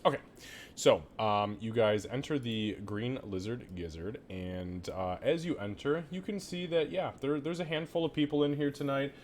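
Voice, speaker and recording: A man running a tabletop game, describing a tavern scene in a relaxed, meandering way. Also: mid-range voice, normal speed, a little hiss or hum. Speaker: game master.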